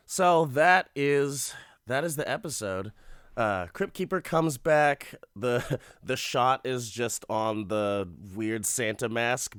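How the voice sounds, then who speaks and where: Male podcast host, loose and profane amused storytelling, smooth voice, dry close mic. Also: on the low side, a bit bright, no room sound. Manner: rambling, profane, amused storytelling with frequent laughs. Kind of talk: casual comedic episode recap.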